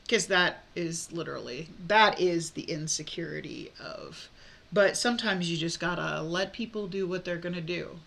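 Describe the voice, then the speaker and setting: A woman's voice: lowish voice, normal speed, vocal fry, sharp tone. A woman giving a casual tarot reading, talking frankly with many fillers and restarts. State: hiccups. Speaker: tarot reader.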